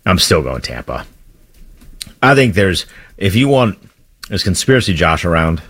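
A man's voice: low-pitched, very animated, moderate pace, a bit bright. A man co-hosting sports talk radio in casual, joking banter.

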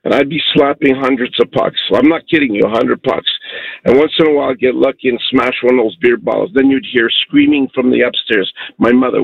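A middle-aged man phones in to a radio show with a gravelly, husky voice. He tells a heartfelt story with animated energy. The dull, dry line flattens his sound. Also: medium pitch, brisk, dry recording. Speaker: caller.

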